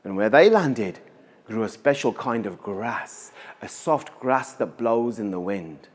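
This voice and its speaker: A man's voice: fairly low pitch, expressive, slow. A man telling a folktale live at a museum event, dramatic, with rhythmic repetition and spoken sound effects. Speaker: storyteller.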